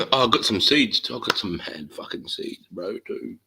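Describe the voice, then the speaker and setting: A man's voice: fairly low pitch, expressive, normal speed, vocal fry, sharp tone, husky. A man hosting a live stream, chatting casually and swearing, greeting viewers by name.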